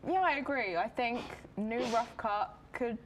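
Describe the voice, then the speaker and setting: Lively woman hosting a charity stream. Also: fairly high pitch, measured pace, slight background noise. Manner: asks questions, upbeat. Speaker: stream host. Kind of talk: casual chat.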